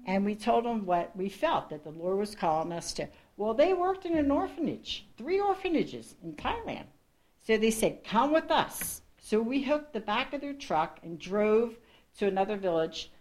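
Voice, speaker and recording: A woman's voice: medium pitch, big pitch swings, normal speed, darkish tone. A woman missionary telling her story to a congregation in an earnest, rambling way, restarting sentences and laughing at herself. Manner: rambling, with frequent restarts and asides. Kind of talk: personal testimony to a congregation.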